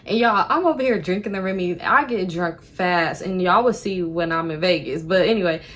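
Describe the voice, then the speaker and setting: A young woman telling a storytime vlog, animated and profane as she talks to viewers. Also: on the low side, moderate pace. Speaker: vlogger.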